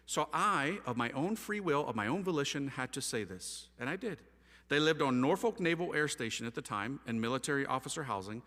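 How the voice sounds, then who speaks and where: Animated man telling a story in a hall. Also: a little high. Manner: lively, acts out voices, self-mocking. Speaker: speaker telling his conversion story. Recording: long hall reverb.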